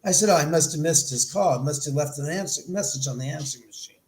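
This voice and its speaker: Middle-aged male guest, slightly high voice, animated storyteller, echoey room. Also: fast talker. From Los Angeles. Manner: animated, acts out quoted dialogue. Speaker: podcast guest. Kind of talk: storytelling in an interview.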